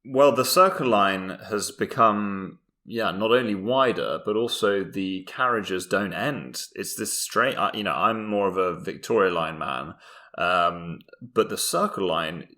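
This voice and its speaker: Young man from Britain, low pitch, bright tone, casual comedic podcast chat, rambling and self-mocking. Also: measured pace. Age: young adult. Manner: rambling, self-mocking, with frequent ums and laughs. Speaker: podcast co-host.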